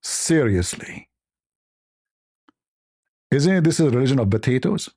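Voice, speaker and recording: A man's voice: medium pitch, lively intonation, a little slow, dark tone, breathy edge, no echo, clean studio sound. A man giving sarcastic solo commentary, mocking and incredulous, who often repeats himself. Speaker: online commentator.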